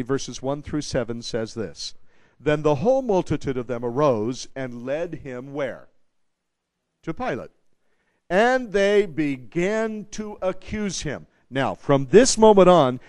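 Animated, higher-voiced man preaching. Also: no room sound. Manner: animated, repeats phrases for emphasis, asides to the congregation; wry humor. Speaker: pastor. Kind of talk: expository sermon.

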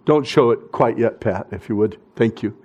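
A male pastor preaching a sermon, swinging from loud emphatic bursts down to hushed, near-whispered phrases. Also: fairly low pitch, moderate pace, husky, dull audio.

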